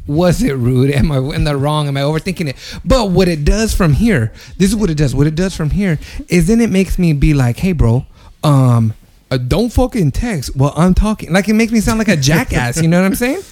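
A man hosting a casual podcast chat, telling an animated story with a lot of swearing. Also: fairly high pitch, brisk, few pauses. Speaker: podcast host.

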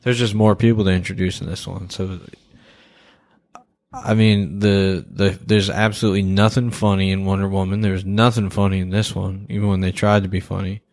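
A man with a fairly low voice gives a blunt, rambling take in a casual movie-review chat. He swears now and then and leans on fillers as he goes. The sound is dry and close, with almost no room. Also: flat delivery, moderate pace, a little mellow, dry recording. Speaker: podcast co-host.

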